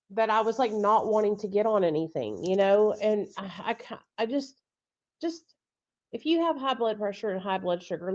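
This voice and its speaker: A blunt, foul-mouthed woman hosting a casual live chat and laughing often. Her voice sits at an ordinary middle pitch. The audio is a little dull and lo-fi, like a video call. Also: darkish tone. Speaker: podcast host.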